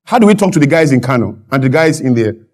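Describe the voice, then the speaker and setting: A Nigerian man, a guest on a talk show, arguing with fervour, repeating his points and building up to shouted emphasis. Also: medium pitch, sing-song, fast. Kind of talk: impassioned studio interview.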